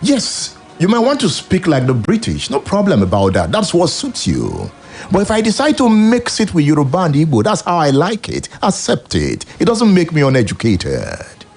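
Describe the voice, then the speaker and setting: A man's voice: on the high side, huge pitch swings, normal speed, darkish tone, slightly rough, faint music behind. A Nigerian man hosting a radio show, giving emphatic, preachy commentary full of rhetorical questions.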